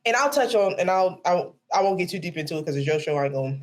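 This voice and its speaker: Outspoken woman with a lively voice. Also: lowish voice, fast. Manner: outspoken, emphatic, swears freely. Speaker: podcast guest. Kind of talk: casual chat.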